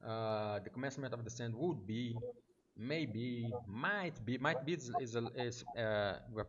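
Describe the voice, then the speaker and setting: A man's voice: medium pitch, a little slow, highs cut off. A Brazilian man teaching aviation English, patiently explaining and checking in with "okay?" often. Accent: Brazilian Portuguese. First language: Portuguese. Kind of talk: one-on-one online lesson.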